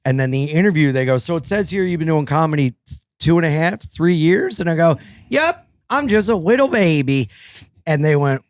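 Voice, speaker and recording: A man with a somewhat high voice trading comedy stories on a podcast. He tells them with lots of energy and drops into goofy voices. The sound is dry and close. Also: brisk, clear, resonant tone, no room sound. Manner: animated storyteller, does a silly nervous voice. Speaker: comedian guest. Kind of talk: casual comedy chat.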